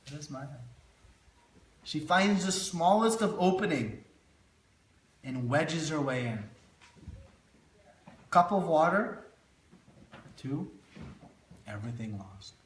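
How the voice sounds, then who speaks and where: A man teaching a devotional scripture class, telling stories to illustrate his points. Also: a little high. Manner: storytelling, illustrative. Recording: roomy echo.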